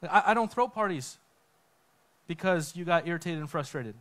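A man giving a conversational sermon talk on a church stage, telling a story with lively acted-out quotes. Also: a little high, moderate pace. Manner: animated storytelling, acts out quotes. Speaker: guest speaker.

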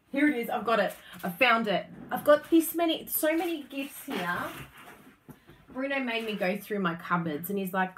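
A woman's voice: on the high side, expressive, moderate pace, a bit bright, slight background noise. A woman hosting a casual live stream, bubbly and chatty, laughing often as she talks to viewers. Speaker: craft business host.

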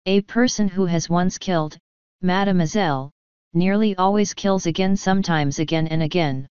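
A woman reading an audiobook, voicing a thoughtful male detective who speaks dryly and gravely. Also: fairly low pitch, normal speed, a little mellow, dry recording, lo-fi sound, close to an everyday voice. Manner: dry, grave.

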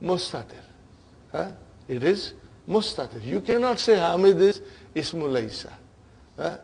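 A man's voice: a little high, sing-song, measured pace, vocal fry, a little mellow, husky. A man teaching Arabic grammar to a class, explaining terms in English, checking in with "huh?" and "okay?" and calling students brothers and sisters. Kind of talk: classroom lecture.

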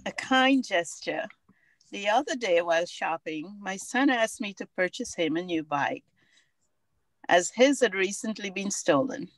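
A woman reading a short story aloud on a video call at a steady, even pace. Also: mid-range voice, unhurried, dry recording.

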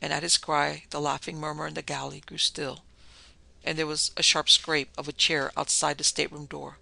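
A man narrating a classic horror story in a measured, dramatic storytelling manner. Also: a little high, monotone, vocal fry, pushed and bright. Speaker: podcast narrator.

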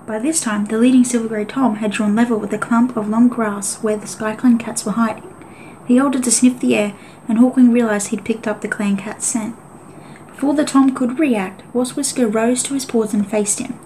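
Lady reading an audiobook, kinda high voice, steady, little bit of hiss. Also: normal speed, low-quality recording. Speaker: audiobook reader. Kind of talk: audiobook narration.

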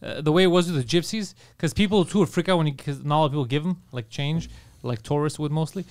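A brash man rattles through a story at breakneck speed and swears freely. His voice sits a little high and sounds smooth and clean. He plays both sides of the exchange while chatting on a comedy podcast. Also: quick pace, darkish tone, no room sound, studio quality. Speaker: podcast co-host. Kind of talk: casual comedy podcast chat.

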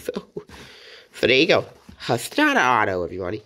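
A woman's voice: rumbling low, wildly swooping pitch, normal speed, slight background noise. A woman hosting a casual toy review, chatty and playful, giggling often as she talks.

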